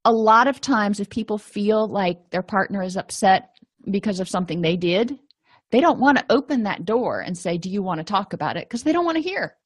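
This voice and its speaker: In a conversational lesson on empathy in relationships, a counselor acts out small quoted exchanges, keeping it informal like a casual lecture. She speaks a bit fast at a medium pitch with lively intonation, and there is no room sound.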